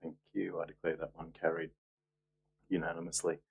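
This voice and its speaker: A man chairs a council meeting as mayor, with a very low voice that barely moves in pitch. He runs through agenda items in a businesslike way and adds dry asides. A faint hum sits behind him. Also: little pitch movement, brisk, gravelly, phone-quality sound.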